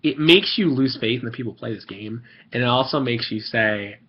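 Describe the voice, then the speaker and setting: A young man, a gaming video creator, rants in a rambling, salty and profane way while casually commenting on an online game he was playing. His mid-range voice is husky and a little fast, and the recording sounds muffled.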